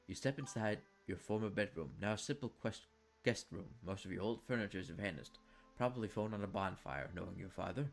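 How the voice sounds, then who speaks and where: A man's voice: on the low side, brisk, vocal fry, faint music behind. A man streaming a game, reading the narration and joking around playfully.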